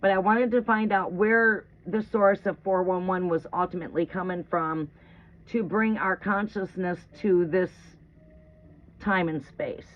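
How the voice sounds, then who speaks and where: A woman's voice: fairly low pitch, unhurried. A woman giving a casual live tarot stream at home, chatting to viewers as she moves around. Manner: chatty, talks to viewers while moving around. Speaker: tarot reader. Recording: distant, phone-like with faint noise.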